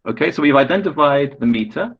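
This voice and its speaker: A man's voice: on the high side, expressive, a little fast, slightly rough, dull audio. A man lecturing on poetry in an online class, explaining patiently, often restarting phrases and asking students questions. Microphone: video call.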